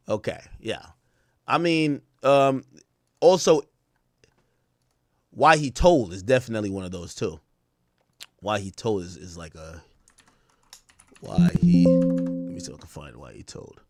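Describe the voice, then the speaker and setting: A man's voice: fairly low pitch, lively intonation, measured pace, long pauses, no room sound, studio quality. A man hosting a live stream, rambling casually with lots of "like" and "you know" while he explains street slang to his viewers. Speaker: stream host reacting to rap songs.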